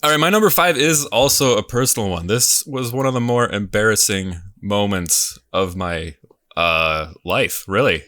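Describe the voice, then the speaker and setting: A fairly low-pitched man with a bright, forward tone tells a self-deprecating anecdote. He chuckles through his stories. The sound is close and dry. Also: moderate pace, no room sound. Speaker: game show contestant. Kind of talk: casual storytelling.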